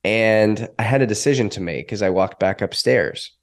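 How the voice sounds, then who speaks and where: A man's voice: on the low side, moderate pace. A man in his thirties, a podcast guest, telling a personal story with feeling and acting out the voices of others. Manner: emotional, animated storytelling with acted quotes. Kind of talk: storytelling in an interview.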